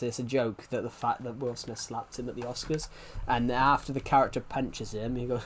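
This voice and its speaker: A man in his twenties chats casually to his live-stream viewers while playing. He rambles and restarts his sentences often. His voice sits at an ordinary mid pitch for a man. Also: level tone, normal speed, hardly any pauses, slight background noise. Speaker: game streamer.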